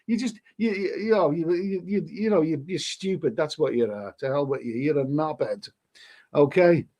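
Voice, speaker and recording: A man's voice: on the high side, normal speed, warm tone. Blunt, sniffly man chatting with viewers. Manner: blunt and crude, swears freely, stammers and repeats himself. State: sniffling with hay fever. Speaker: YouTube host reading live chat. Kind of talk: casual live-stream chat.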